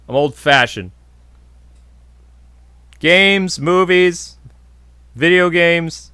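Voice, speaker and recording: A man's voice: medium pitch, lively intonation, normal speed, fairly bright tone, no echo. A man hosting a podcast, casually answering viewer questions in a blunt, jokey, opinionated way. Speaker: podcast host.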